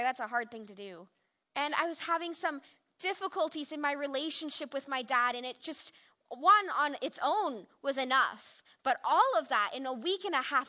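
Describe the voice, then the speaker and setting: A woman's voice: sits high, bright, forceful tone. A young woman giving an earnest, reflective personal testimony in the style of a sermon. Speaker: speaker giving a devotional.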